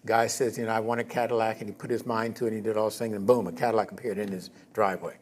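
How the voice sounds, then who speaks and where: A man giving a conversational sermon in a church, often checking in with his congregation and rising in pitch for emphasis. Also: very fast, slight background noise. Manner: conversational, keeps checking in with "okay?"; animated, rises in pitch and volume for emphasis. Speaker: minister.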